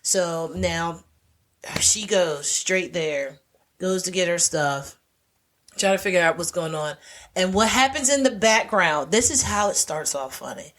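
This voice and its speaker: A woman podcast co-host in casual chat, retelling a film plot with lively storytelling and lots of "like" fillers. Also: on the low side, unhurried. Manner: animated storytelling, heavy "like" fillers.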